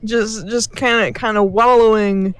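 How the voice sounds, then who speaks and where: A woman's voice: a little high, measured pace, faint music behind. A young woman co-hosting a gaming channel, telling a story over gameplay with lots of laughter and swearing. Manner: animated, laughing storyteller who swears freely.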